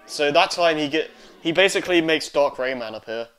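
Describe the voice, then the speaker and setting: A man's voice: a little high, a little fast, fairly bright tone. Rambling young man on game commentary. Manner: rambling, many fillers and restarts. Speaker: let's play host. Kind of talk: casual gameplay commentary. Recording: faint game music behind.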